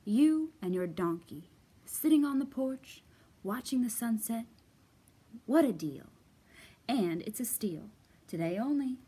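A slick male fox peddler from a children's storybook, as a woman puts him on, all smooth pitch and hard sell. His loud patter swoops up and down with big leaps, and the husky edge never leaves his voice. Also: full character voice. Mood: salesy. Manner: smooth-talking, salesy patter. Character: fast-talking scheming male fox salesman.

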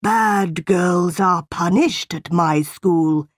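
Woman doing a slow, cruel schoolmaster. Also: lowish voice, no echo, clean studio sound. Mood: stern. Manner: slow, preaching, threatening. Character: stern, cruel tall male school owner.

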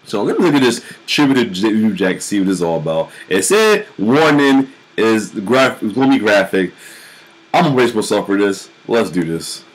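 A man hosting a reaction video, talking casually and then exclaiming loudly and swearing as he watches. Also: on the low side, moderate pace, low-quality recording. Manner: loud, excitable exclamations and profanity.

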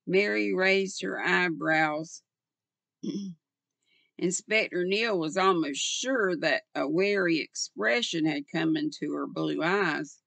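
An older woman reading a mystery novel aloud as a chapter, unhurried and steady. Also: on the low side, vocal fry, no echo. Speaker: audiobook reader.

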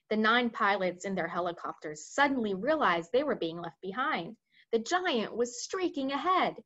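A woman reading a children's book aloud with expressive storytelling. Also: fairly high pitch, lo-fi sound. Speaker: reader.

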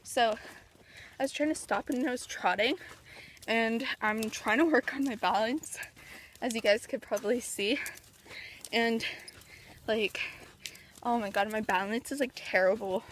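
High-voiced young woman vlogging from horseback. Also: measured pace, long pauses, slight background noise. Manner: chatty, full of "like" fillers; coaxing her horse while riding. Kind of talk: casual vlog chat. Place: outdoors at a barn, on horseback.

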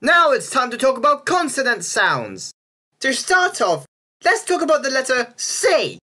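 A woman's voice: high voice, wildly swooping pitch, measured pace, music in the background. A woman narrating a casual explainer video over slides, chatty and often checking in with a rising "yeah?". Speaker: video creator explaining spelling reform.

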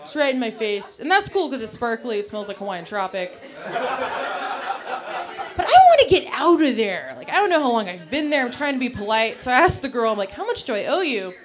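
A woman's voice: on the high side, very animated, brisk, a crowd in the background. Brash woman doing crude stand-up comedy. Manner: brash, crude, self-deprecating punchlines with put-on quoted voices. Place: comedy club stage. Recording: live club set with loud audience laughter. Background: audience laughing.

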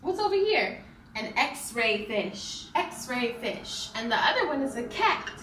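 High, lively young mom on vlog. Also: female voice, slow, a little hiss or hum. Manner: sing-song baby talk, playful and animated. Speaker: vlogger and mom. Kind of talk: casual vlog and talking to her toddler. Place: home, indoors. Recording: roomy, slightly distant home camera audio.

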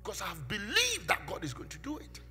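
A man preaching a sermon from the pulpit, with call-and-response, swinging from loud shouts to near-whispers. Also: high-pitched, wildly swooping pitch, fast talker. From Ghana. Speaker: pastor. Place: church sanctuary. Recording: echoey church hall with music behind.

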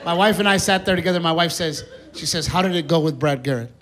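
A man performing a stand-up comedy set on stage, telling a story in an animated way and acting out the voices of the people in it. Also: on the high side, quick pace. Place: comedy theater stage with live audience. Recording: live stage recording with crowd noise. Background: audience laughter and applause.

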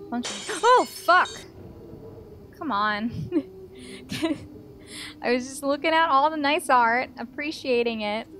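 A woman's voice: high-pitched, slow, pauses often, fairly bright tone. A woman streaming a horror game, reacting to the scares with swearing and laughter. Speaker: let's play streamer. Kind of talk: casual gameplay commentary.

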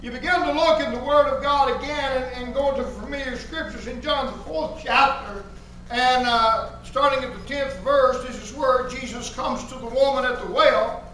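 A man preaches a fervent sermon in a very high, bright voice, repeating his key phrases for emphasis. He sounds far from the microphone, and his voice echoes heavily around the church sanctuary. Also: normal speed, a little hiss or hum. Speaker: pastor.

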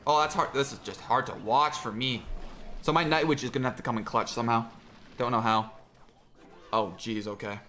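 A young man giving excitable, jokey running commentary on his own gameplay, talking to himself as he plays. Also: mid-range voice, a little fast, a little hiss or hum. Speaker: gaming creator.

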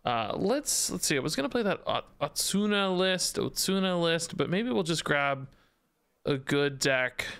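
A man's voice: mid-range voice, a bit bright, clean tone. A man streaming a card game, chatting casually, thanking subscribers and thinking aloud about his deck. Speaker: Twitch streamer. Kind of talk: casual live-stream commentary.

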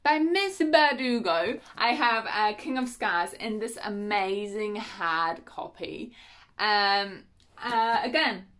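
A woman's voice: medium pitch, slow pace, pushed and bright. A woman chatting casually as she unboxes books at home, correcting herself often and giggling. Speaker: book vlogger.

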